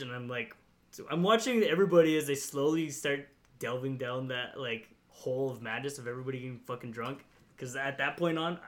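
A man's voice: mid-range voice, a bit bright. A young man telling a long, rambling story in casual chat, swearing freely and padding with fillers like "like" and "you know". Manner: rambling, profane, lots of fillers and laughs. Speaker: podcast storyteller.

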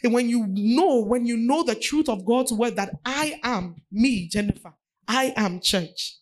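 A woman's voice: a little high, measured pace. A woman pastor preaching a sermon, repeating phrases for emphasis.

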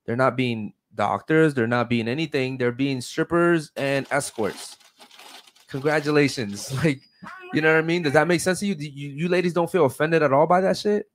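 A man's voice: a little high, moderate pace. A man hosting a podcast, blunt and confrontational, swearing as he argues his point. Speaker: podcast host. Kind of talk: heated podcast debate.

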